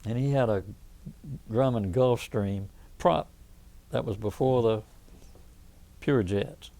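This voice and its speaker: Old southern guy in his 80s, rambly interview stories, lots of restarts, deep mellow tone. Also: takes it slowly, gravelly. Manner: rambling anecdotal storytelling, frequent restarts. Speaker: veteran interviewee. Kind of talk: oral history interview.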